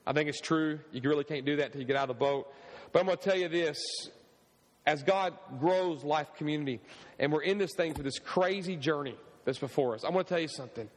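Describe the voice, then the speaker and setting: A man's voice: a little high, fast. A man preaching a sermon as pastor of his church, with rising and falling delivery and questions tossed to the congregation. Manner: animated preaching with call-and-response questions. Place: church sanctuary. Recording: long hall reverb.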